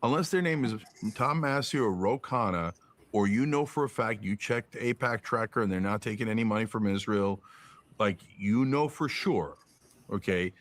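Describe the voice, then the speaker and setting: This man's voice sits on the low side, with lively intonation and a normal pace. As a guest on a podcast, he launches into emphatic, profane political commentary, peppering it with rhetorical questions and mocking put-on quotes.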